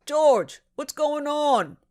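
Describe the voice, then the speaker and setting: A woman voicing a squat, brutish thug with a thick New England accent, gruff and threatening, in an audiobook reading. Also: medium pitch, big pitch swings, moderate pace, a little mellow, no room sound, studio quality, pitched above the performer's own voice, natural voice. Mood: alarmed. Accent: New England, put on for the figure. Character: squat thuggish man, menacing, brutish.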